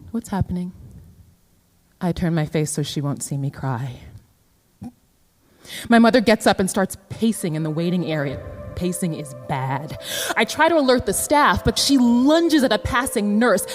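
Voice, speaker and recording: A woman earnestly telling her own life story in the first person, her voice emotional and her pace shifting. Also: medium pitch.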